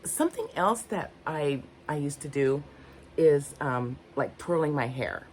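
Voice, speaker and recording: A woman's voice: low-pitched, lively intonation, a little slow, darkish tone, a little hiss or hum. An older woman vlogging unscripted, candid and rambling, often searching for her words. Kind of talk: unscripted personal talk to camera.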